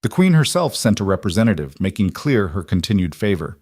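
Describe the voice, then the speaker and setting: Male narrator, scripted story; measured, low, dry. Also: sing-song, a little mellow, slightly rough, no room sound.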